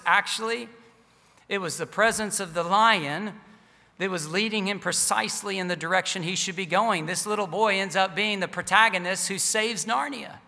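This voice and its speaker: High-voiced preacher in an echoing hall. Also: male voice, moderate pace, vocal fry, bright, forceful tone. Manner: earnest, storytelling with varied volume. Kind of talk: sermon storytelling. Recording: long reverb of a large hall.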